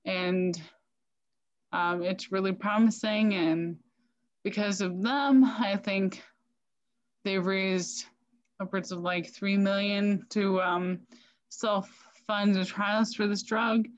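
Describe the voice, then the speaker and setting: A woman sommelier and wine shop owner, a guest talking in a slow, hesitant way with many fillers. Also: mid-range voice, steady tone, lo-fi sound. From United States. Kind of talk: casual interview chat.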